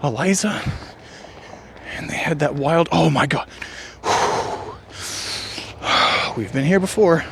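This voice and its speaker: Slow, rambling man on a run. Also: on the high side, gravelly. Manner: musing, jokey, drawn-out sighs. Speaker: vlogger. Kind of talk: rambling running vlog monologue. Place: outdoor trail in the rain. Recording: faint outdoor rain hiss.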